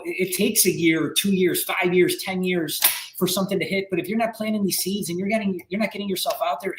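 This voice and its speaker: A man chats fast on a podcast, stumbling through restarts and fillers. His voice sits a little high and rushes along. The recording rings with a roomy echo. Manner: rambling, many restarts and fillers; animated storytelling, acting out quotes. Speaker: podcast guest. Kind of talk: casual podcast chat.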